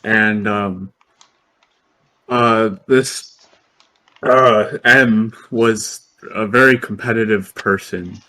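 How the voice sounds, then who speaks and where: Co-host, male, low and slow, hesitant storyteller. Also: steady tone, bright, forceful tone, rough recording. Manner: halting, many ums and uhs, chuckling. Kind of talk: casual storytelling.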